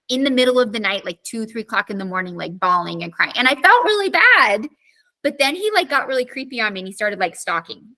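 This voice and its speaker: A woman government teacher giving a casual live online lesson, chatty and animated, full of fillers as she tells stories. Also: medium pitch.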